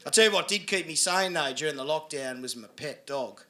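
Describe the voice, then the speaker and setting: An Australian stand-up comedian works a club stage, crude and sarcastic as he chats with the crowd. His voice is on the high side and sharp, animated and a little fast. The live club recording carries audible audience laughter.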